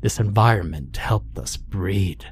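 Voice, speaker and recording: Man doing a playful killer clown woman, teasing menace, low and unhurried. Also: a little hiss or hum. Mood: gleeful menace. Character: sadistic playful female cannibal clown.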